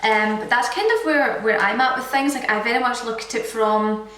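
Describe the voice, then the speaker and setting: A young Scottish woman in her twenties runs a casual Q&A for her fitness vlog, scattering filler words throughout. She speaks at a moderate pace with a high-leaning, fairly bright voice, and she sounds far from the mic in an echoey room.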